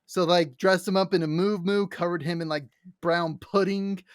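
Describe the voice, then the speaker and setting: A young adult woman co-hosting a casual podcast, excitedly retelling scenes with lots of likes, restarts and acted-out quotes. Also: on the low side, normal speed, dry recording, studio quality. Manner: animated storyteller, acts out quotes with many likes and restarts. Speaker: podcast co-host. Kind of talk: casual fan chat.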